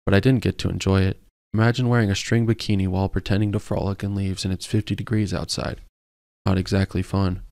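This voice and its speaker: A man voicing a bubbly young woman supermodel who talks in a bright, bouncy, teasing way. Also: deep voice, level tone, fast, creaky, dry recording, clean studio sound. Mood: wry.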